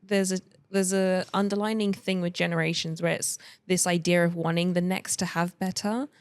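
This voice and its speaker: A young woman from the UK shares her views in a relaxed podcast chat. Her voice sits a little low and she speaks in a measured, thoughtful way, pausing on fillers. The sound is dry and close. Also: smooth, no echo. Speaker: family podcast guest. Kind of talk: casual discussion.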